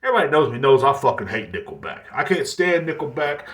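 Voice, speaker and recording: A man's voice: mid-range voice, very animated, fast talker, a bit bright. A man in his thirties hosting a podcast, rambling bluntly in casual monologue and swearing freely. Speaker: podcast host. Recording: echoey room.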